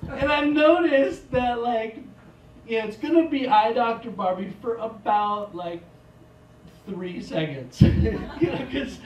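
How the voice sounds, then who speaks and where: Male stand-up comic with a slow, rambling, self-deprecating delivery and loud outbursts, recorded from a distance in a reverberant theater. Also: high-pitched. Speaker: stand-up comedian. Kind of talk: stand-up comedy set. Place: theater stage. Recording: echoey theater, mic from a distance.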